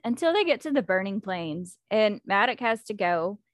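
A woman in casual chat about a book, retelling the plot with animated, indignant swearing. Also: mid-range voice, moderate pace, no room sound.

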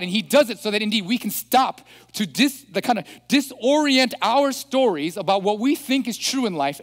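Male pastor, sermon, slightly high voice, chatty, checks in with listeners, long hall reverb. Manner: chatty, asks listeners questions.

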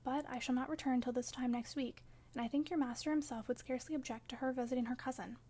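A woman's voice: high voice, fairly even intonation, fast, mellow, husky. A woman reading as a stern scheming man. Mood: pressing. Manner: coaxing, insistent. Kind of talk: audiobook reading.

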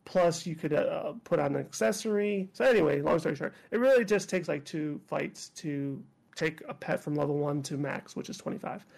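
A man's voice: on the high side, moderate pace, vocal fry, few pauses, darkish tone. A man co-hosting a podcast in casual chat, laughing often and restarting his sentences. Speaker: podcast co-host.

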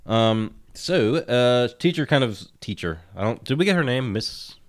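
A man's voice: medium pitch, expressive, a little slow. A man co-hosting a casual recap chat, loose and joking, laughing often. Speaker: podcast co-host.

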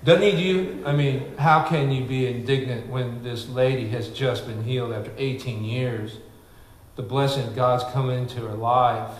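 A man preaching a sermon with excitable energy, swinging from shouting to quiet asides. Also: mid-range voice, normal speed. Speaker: pastor. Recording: echoey room.

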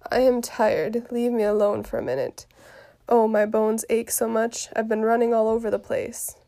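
A woman's voice: a little high, steady tone, moderate pace, vocal fry, mellow. Woman reading a fussy, complaining old nursemaid. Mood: grumbling. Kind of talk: reading a play aloud.

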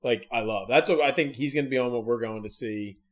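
A man hosting a casual podcast, with a voice in a middle pitch. He talks in a quick-witted, jokey way, swearing now and then and laughing easily. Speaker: podcast host. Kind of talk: casual chat.

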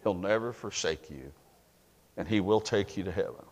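A male pastor preaching a folksy, emphatic sermon in a church, moving between quiet, low lines and loud, emphatic ones. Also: moderate pace. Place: church sanctuary. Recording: reverberant church hall.

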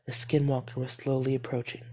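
Male horror-story narrator, steady delivery, occasional slips. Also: medium pitch, a little fast, husky. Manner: steady, with small stumbles and self-corrections.

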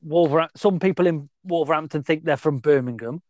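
A man's voice: on the high side, brisk, a little mellow, no room sound, highs cut off. A man co-hosting a podcast, bantering casually, laughing and swearing as he tells stories. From English West Midlands. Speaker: podcast co-host.

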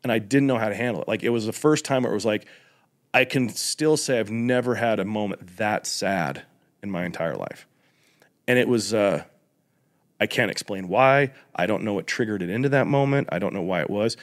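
A man's voice: fairly low pitch, normal speed. Reflective male podcast host. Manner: reflective, animated when joking, casual slang. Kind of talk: casual conversation.

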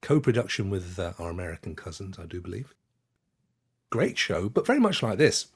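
A man's voice: sits low, big pitch swings, fairly quick, slightly rough. A man from the UK hosting a casual gaming podcast, jokey and rambling, chuckling as he talks. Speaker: podcast host.

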